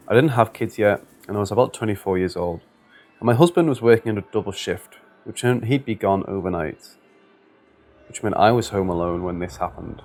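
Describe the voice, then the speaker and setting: Low-voiced man narrating scary stories. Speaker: story narrator.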